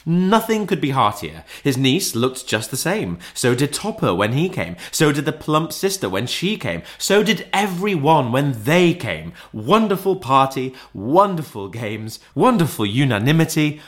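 A man narrating a classic audiobook in an expressive, theatrical way. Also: mid-range voice.

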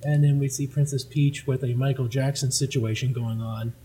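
Male host, husky voice, casual comic read-through with a laugh. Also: mid-range voice, steady tone, moderate pace, warm tone, rough recording. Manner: laughing, joking commentary.

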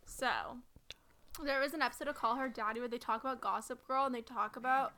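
A young adult woman co-hosting a podcast in casual chat, an animated, blunt storyteller who swears freely and leans on fillers. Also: on the high side, fast. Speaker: podcast co-host.

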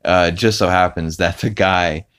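A man's voice: deep voice, steady tone, normal speed, fairly bright tone, clear, resonant tone. A man hosting a podcast, casually recapping a cartoon episode with lots of fillers. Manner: rambling, with many fillers and put-on character quotes. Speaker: podcast host.

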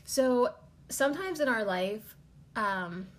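A woman's voice: on the high side, lively intonation, slow pace. A woman hosting her own podcast in a casual, rambling monologue, full of "like" fillers, tearful and trying not to cry. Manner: rambling, lots of "like" fillers, emotional. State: tearful, holding back crying. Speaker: podcast host.

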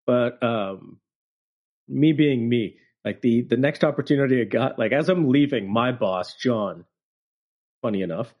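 Speaking at a measured pace in a mid-range voice, this podcast co-host tells stories in loose, casual chat, and the audio is dull. He acts out the quotes with animation and fills his speech with filler words.

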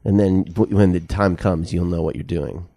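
A very deep man with a gravelly edge co-hosts a podcast in a casual chat. He talks in dry, wry asides. His voice is close and dry, with no room around it. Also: fairly even intonation, normal speed, warm tone, no echo. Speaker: podcast co-host.

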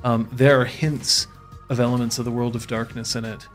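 A man's voice: medium pitch, level tone, moderate pace, soft background music. A man hosting a tabletop stream, chatting casually with many fillers and restarts. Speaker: game master and stream host. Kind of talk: casual announcement chat.

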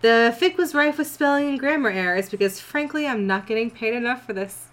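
A woman's voice: a little high, animated, fairly quick. A woman hosting a comedy podcast, dramatically reading fan fiction with wry, joking asides.

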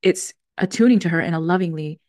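Fast-talking earnest woman, dry close sound. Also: lowish voice, darkish tone, no echo. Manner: earnest, reflective, self-correcting. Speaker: podcast host. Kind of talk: solo podcast talk on emotions.

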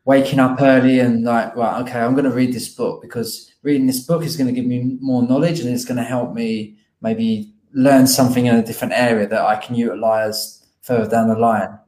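A man talking in an easy, reflective way, often poking fun at his old habits. His voice sits at an ordinary pitch. It carries a noticeable room echo. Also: steady tone, a little fast, few pauses, darkish tone. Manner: reflective, self-deprecating, chatty. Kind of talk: casual chat. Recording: roomy echo.

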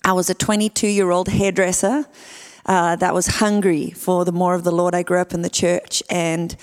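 A woman in her thirties with a South African accent, preaching a sermon as a guest speaker in a lively, chatty way. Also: fairly low pitch, normal speed, smooth. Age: 30s. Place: church sanctuary. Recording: church hall with long reverb.

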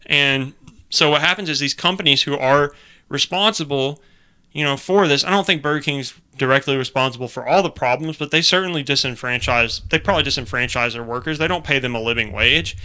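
A man chatting on a podcast in a loose, animated way, stacking up fillers as he works through his points. His voice is very bright and sharp-edged, and it comes across smooth and clean. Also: mid-range voice, brisk. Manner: animated, rambling with many fillers. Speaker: podcast co-host. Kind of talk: casual political chat.

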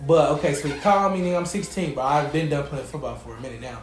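A young man swaps stories in a laid-back, slang-heavy podcast chat. His voice sits a little high for a man. The room gives the recording a noticeable echo. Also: expressive, fast, faint music behind. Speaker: podcast host. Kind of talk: casual chat. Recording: echoey room.

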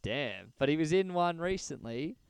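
A man co-hosting a podcast in casual, joking chat, animated and loose with swearing. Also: a little high, moderate pace, gravelly, clear, resonant tone, no room sound. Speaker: podcast co-host.

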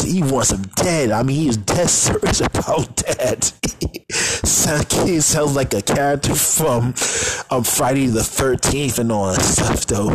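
A man's voice: medium pitch, lively intonation, slow pace, heavy background noise. Rambling man recapping a show. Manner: rambling, filler-heavy, trailing "though". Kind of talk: casual episode recap.

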